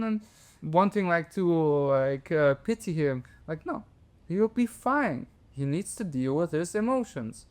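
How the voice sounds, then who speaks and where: A man as a podcast guest, telling a story in casual conversation, animated and full of restarts. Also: a little high, normal speed. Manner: animated, jumps into voices, many restarts.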